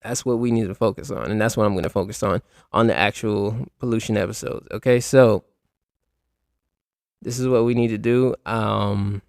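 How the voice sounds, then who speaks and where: Podcast host, man, gravelly low-key delivery, dry close mic, rambling casual talk to his listeners. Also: steady tone, normal speed, darkish tone, no room sound. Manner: rambling, restarts often, addresses listeners directly.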